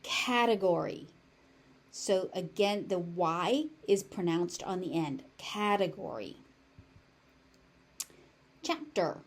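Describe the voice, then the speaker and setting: Female pronunciation teacher, General American accent, slow and deliberate, repeats each word. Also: medium pitch, expressive, a little mellow. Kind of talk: pronunciation lesson with repeated words.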